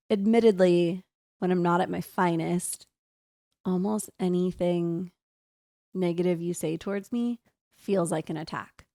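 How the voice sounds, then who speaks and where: A woman's voice: lowish voice, warm tone, no room sound, clean studio sound. A woman co-hosting a podcast, speaking candidly and reflectively about her own habits in casual chat. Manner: candid, self-reflective, quotes herself. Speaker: podcast co-host.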